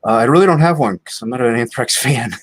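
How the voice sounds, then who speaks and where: A man from Ohio chatting as a guest on a livestream, easygoing and quiet. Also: mid-range voice, fast. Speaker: stream guest. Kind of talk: casual call-in chat.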